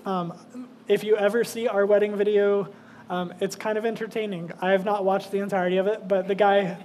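A man's voice: high voice, darkish tone, a little hiss or hum. A man, a pastor, preaching casually and telling a self-deprecating personal story with many fillers.

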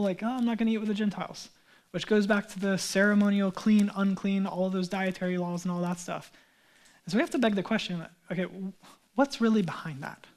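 A male pastor preaching a sermon in a conversational, animated way, with casual asides. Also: high-pitched.

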